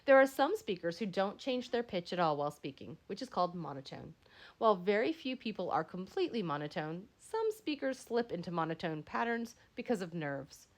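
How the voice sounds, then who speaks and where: Woman reading a lesson, lively pitch. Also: brisk. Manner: reads aloud with frequent slips and self-corrections. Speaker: instructor reading a textbook chapter. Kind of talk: lecture read aloud.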